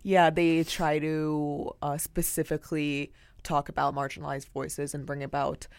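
Male radio co-host, somewhat high voice, halting easygoing chat, dead dry room. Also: little pitch movement, creaky, clear, resonant tone, no room sound. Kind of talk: casual chat.

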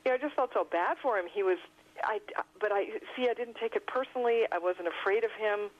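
A woman telling stories in a radio interview, animated and quick to laugh. Her voice sits at a middling pitch. The audio sounds a little dull and muffled. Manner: animated storyteller, laughs often. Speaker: author guest.

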